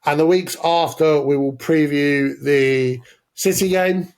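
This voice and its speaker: A man's voice: fairly high pitch, steady tone, takes it slowly, darkish tone. A man co-hosting a casual football podcast, opinionated and sweary, laying out his arguments step by step. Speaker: podcast co-host.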